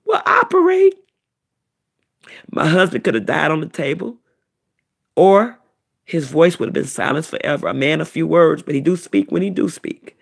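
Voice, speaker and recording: Middle-aged woman, emotional testimony, gravelly and husky, lively pitch. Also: normal speed. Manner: animated, repetitive storytelling. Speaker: vlogger, self-described prophetess.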